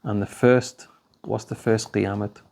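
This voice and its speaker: A man's voice: fairly low pitch, level tone, measured pace, gravelly, a little mellow. A man giving a conversational religious talk, telling stories and acting out the dialogue. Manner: anecdotal, conversational, acts out dialogue. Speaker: speaker at a talk.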